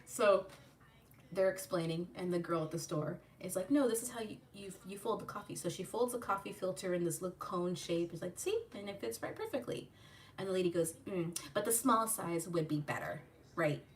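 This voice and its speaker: A woman hosting her channel, telling a profane, animated story while doing a makeup tutorial, acting out the people in it. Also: on the low side, moderate pace, recorded from a distance, a little hiss or hum. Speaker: channel host.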